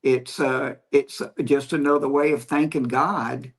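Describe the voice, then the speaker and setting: Earnest Southern comedian, emphatic. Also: male voice, mid-range voice, steady tone, a little slow, vocal fry. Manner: earnest, emphatic, repeats for stress. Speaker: comedian guest. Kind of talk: casual podcast chat.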